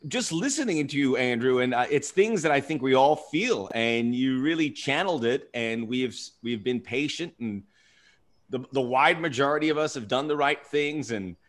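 A man hosting his own podcast in an easy, conversational way. He reflects as he talks and keeps the chat moving. His voice sits at an everyday middle pitch. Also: animated, moderate pace. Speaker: podcast host.

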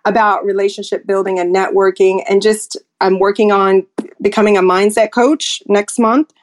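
A woman's voice: mid-range voice, little pitch movement, normal speed. An outspoken woman in her forties, a photographer chatting as a guest and acting out how she talks to clients. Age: 40s. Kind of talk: casual chat on a live audio room.

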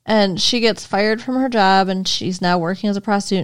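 A woman's voice: medium pitch, clear, resonant tone, no room sound. Chatty woman podcast co-host, dry sound. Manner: chatty, halting, blunt asides. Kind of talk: casual chat about a movie.

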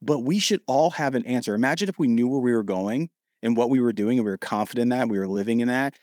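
Podcast guest, man in his thirties from Ohio; quick, animated storyteller, dry recording. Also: mid-range voice, no room sound. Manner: animated, acts out quoted dialogue.

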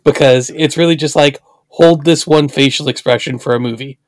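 A man's voice: a little high, normal speed, no echo. A man co-hosting a podcast, chatting casually and making playful jokes. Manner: joking, playful asides. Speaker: podcast co-host. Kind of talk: casual chat.

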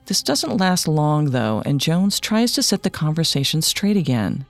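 A male podcast narrator with a slightly high, gravelly voice reads a scripted true-crime story. His delivery is measured and matter-of-fact, recorded dry and close with faint music underneath. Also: very animated, no room sound.

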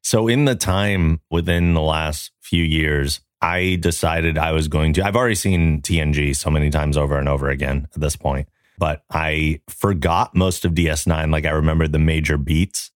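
A man with an extremely low, deep radio voice chats casually as a podcast co-host. He sounds relaxed and enthusiastic, recorded close and dry with no room sound. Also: moderate pace, no echo. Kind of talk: casual chat.

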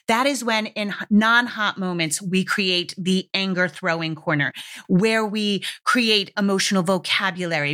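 A woman talks straight to her listeners in a parenting podcast monologue. She is candid and casual, tossing in the occasional curse, and her voice sits at an ordinary middle pitch. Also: a bit bright. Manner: frank, candid, casually profane, conversational.

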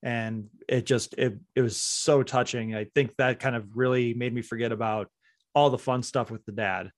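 A man's voice: mid-range voice, steady tone, moderate pace, dry recording. A man hosts a casual podcast chat, earnest and reflective. His voice sits in the middle range. The sound is dry and close. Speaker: podcast host.

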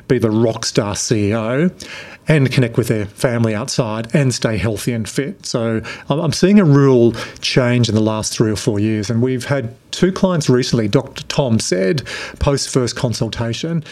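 A middle-aged Australian man with a relaxed, conversational manner, answering interview questions as a productivity coach. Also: mid-range voice, normal speed. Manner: relaxed, conversational, frequent restarts.

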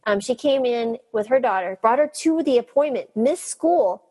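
A middle-aged woman doctor telling lively stories in an interview, laughing often and mimicking the people she quotes. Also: fairly high pitch, moderate pace, slightly rough. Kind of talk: storytelling in an interview.

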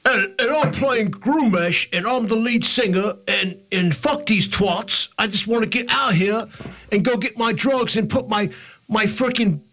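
A foul-mouthed bard frontman with a clumsy mock English accent, as a player puts him on. He talks high and brash, boasting and rowdy. The voice sits well above the man's own. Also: measured pace, fairly bright tone. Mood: crude. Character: crude foul-mouthed male bard lead singer.

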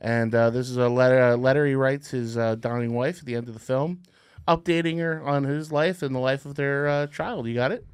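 A podcast co-host in a comedic bit, playing a casting director with quick, deadpan teasing. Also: male voice, mid-range voice, smooth, no echo, studio quality.

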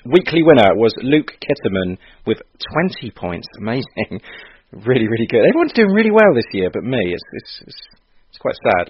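A man co-hosting a football podcast in easy, upbeat chat, quick to praise and laugh. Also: medium pitch, breathy edge, no room sound. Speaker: podcast co-host. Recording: dull lo-fi sound.

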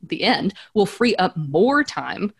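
A woman's voice: medium pitch, big pitch swings, slow pace, slightly rough. A woman in her thirties, a podcast guest chatting in an upbeat way and laughing easily. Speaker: podcast guest, business strategist. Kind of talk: casual interview chat.

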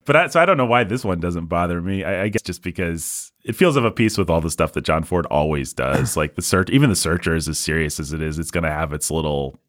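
A man with a very deep voice talks through a casual film podcast, animated and quick to laugh, now and then slipping into mocking put-on voices. The sound is close and dry, with no room around it. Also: no echo. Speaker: podcast co-host.

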